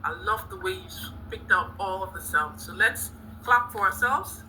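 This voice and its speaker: A woman leads a phonics lesson in a very bright, ringing voice, cheering the class on and sounding out each letter. A faint hiss sits under the recording, as on a video call. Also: mid-range voice, normal speed, low-quality recording. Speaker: teacher trainee.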